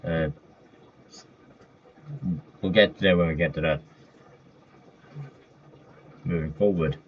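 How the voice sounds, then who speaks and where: A man's voice: low-pitched, fairly even intonation, takes it slowly. A man in casual commentary running through a list of comic villains, rambling with fillers and self-corrections. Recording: dull lo-fi mic with faint noise.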